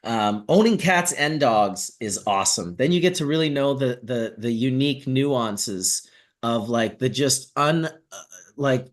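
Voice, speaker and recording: A man hosting a casual chat, telling animated stories and swearing casually. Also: mid-range voice. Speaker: host.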